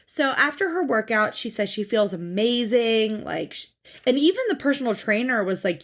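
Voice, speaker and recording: Blunt, high-voiced woman podcast host. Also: normal speed. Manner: blunt, swears freely, animated storytelling. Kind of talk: casual recap chat.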